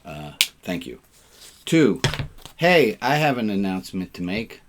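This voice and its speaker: A man's voice: lowish voice, very animated, unhurried, background noise. A man leading an informal online service as rabbi, chatting and cracking puns with his congregation over a video call. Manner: jovial, punning, chatty with the congregation.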